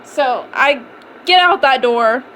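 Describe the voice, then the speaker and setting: Young woman, bright voice, a bit high, chatty self-mocking storytelling. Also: lively intonation, slow, slight background noise. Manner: chatty, self-mocking, heavy use of filler "like". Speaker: vlogger. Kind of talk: casual storytime.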